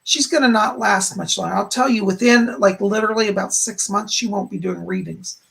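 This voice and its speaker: Hosting a psychic-medium live stream, a man rambles through spirit messages and readings for viewers who donate. His high, slightly bright voice runs a little fast and is turning hoarse.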